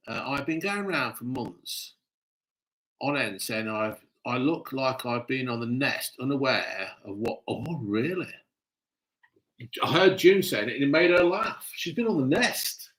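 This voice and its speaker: A man's voice: medium pitch, sing-song, measured pace, bright, forceful tone. A man hosting a live stream, swearing a lot and ranting bluntly in casual chat. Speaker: livestream host.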